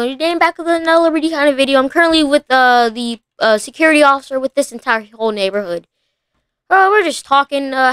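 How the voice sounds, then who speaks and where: Young woman yelling through a game, high voice, dry close mic, lots of oh my gosh. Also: smooth, dry recording. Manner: breathless, frequent exclamations. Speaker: gaming channel host. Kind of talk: excited game commentary.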